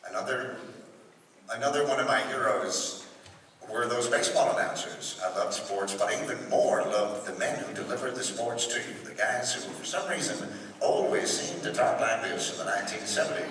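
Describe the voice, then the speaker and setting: Bright-voiced man in his 60s, echoey hall. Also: on the low side, recorded from a distance, slight background noise. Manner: animated storytelling, slips into comic voices. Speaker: panel guest, voice actor. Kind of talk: live convention panel Q&A. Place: large convention hall.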